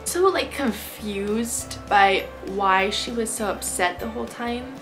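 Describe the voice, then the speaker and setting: A young woman vlogger telling a storytime about a trip, in an animated, exasperated way. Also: fairly high pitch, slow pace, over music. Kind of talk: storytime vlog.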